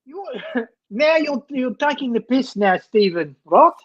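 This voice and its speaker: A man's voice: extremely high pitch, big pitch swings, measured pace, no echo, lo-fi sound. A man co-hosting a football fan live stream, chatting casually and joking around, throwing in slang. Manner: chatty, jokey, drops in slang.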